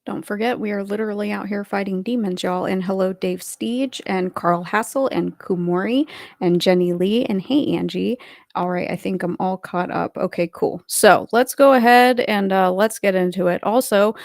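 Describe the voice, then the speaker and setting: A woman's voice: medium pitch, normal speed, creaky, dry recording, studio quality. A woman hosting a livestream in a casual, rambling way with lots of filler words, stopping to greet viewers in the chat. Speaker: livestream host.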